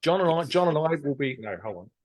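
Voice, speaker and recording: Fast-talking male stream co-host. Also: a little high, lively intonation. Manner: quick agreeable interjections. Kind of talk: casual end-of-stream chat.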